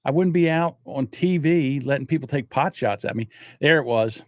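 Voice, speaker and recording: A man in his sixties chats casually as a livestream host, wandering from one story to the next and cursing freely. His voice sits at an everyday middle pitch. The sound is dry and close, with no room echo. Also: moderate pace. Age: 60s. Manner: profane, rambling storyteller. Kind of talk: casual chat.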